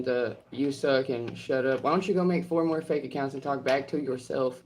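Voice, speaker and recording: A woman's voice: deep voice, a little mellow, slight background noise. A woman speaking in a heated, profane monologue, blunt and confrontational, hammering her points home with repetition. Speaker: online creator and healthcare professional. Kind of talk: heated monologue answering trolls.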